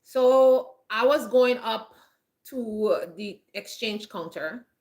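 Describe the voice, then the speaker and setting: A woman's voice: a little high, slow, a little mellow. A woman vlogger giving earnest, chatty advice to camera, often repeating herself and restarting her phrases. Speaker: lifestyle vlogger. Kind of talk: casual advice talk to camera.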